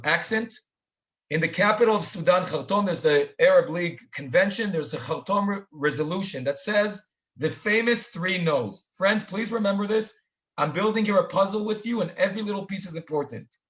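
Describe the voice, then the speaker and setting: Male webinar lecturer, high voice, speaks to the audience as friends, dramatic storytelling. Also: moderate pace, a bit bright. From Israel. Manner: direct audience address, calls listeners "friends". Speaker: webinar speaker and tour educator. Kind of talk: live online lecture. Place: home near the Syrian border. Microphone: video call.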